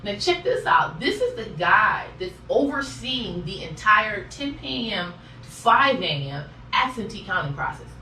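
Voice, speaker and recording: Animated, indignant woman in an echoey room. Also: medium pitch, a little slow, few pauses, slight background noise. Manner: exasperated, acts out quoted voices. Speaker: poll challenger. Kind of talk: animated storytelling. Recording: echoey room, mic at a distance.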